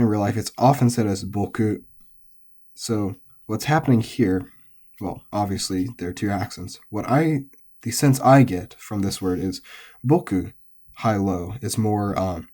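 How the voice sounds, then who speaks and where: Casting note: man, lower-pitched, mellow tone, a relaxed language teacher talking through vocabulary with frequent fillers. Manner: relaxed, explains step by step with many ums and uhs. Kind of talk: recorded pitch-accent lesson.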